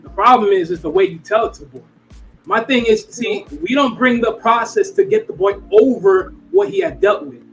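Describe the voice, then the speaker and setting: A man speaking as a guest in a casual panel debate, laying out his point in a measured, explaining way. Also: high voice, animated, faint music behind, low-quality recording.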